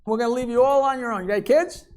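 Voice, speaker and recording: A woman's voice: a little high, fast, darkish tone, slight background noise. A woman hosting a comedy show, telling dirty jokes with a bawdy, teasing manner.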